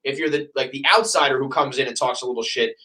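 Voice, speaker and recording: A man hosting a casual sports podcast, ranting with heavy profanity and lively quoted asides. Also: mid-range voice, quick pace, rough recording. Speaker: podcast host.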